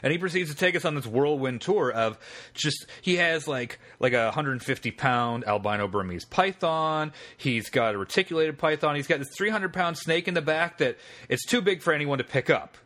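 Bright-voiced man telling a rambling story. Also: fairly high pitch, moderate pace. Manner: rambling, profane, animated storyteller. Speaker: podcast co-host. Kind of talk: casual storytelling.

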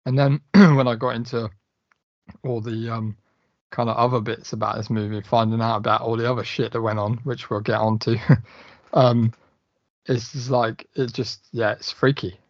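A man's voice: mid-range voice, little pitch movement, normal speed, dry recording, highs cut off. A man chatting eagerly and swearing on a film podcast. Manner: enthusiastic, sweary. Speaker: podcast co-host. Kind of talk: casual film podcast chat.

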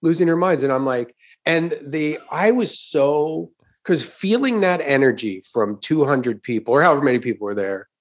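A man's voice: fairly high pitch, expressive, moderate pace. A middle-aged man, a stand-up comedian, telling a story in casual chat, swearing often and acting out the crowd's reactions.

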